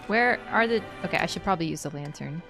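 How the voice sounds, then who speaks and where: A young woman chatting casually with viewers while livestreaming a game, excitable and reacting out loud. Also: on the low side, fast. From Canada. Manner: excitable, reacts aloud to gameplay and chats with viewers. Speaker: streamer. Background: game music.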